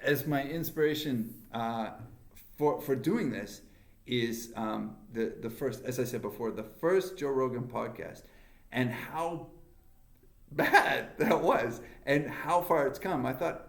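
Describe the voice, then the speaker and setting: A man's voice: medium pitch, slow pace, gravelly, echoey room. A man co-hosting a casual podcast, asking questions and answering with short agreeing replies. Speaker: podcast co-host. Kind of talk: casual chat.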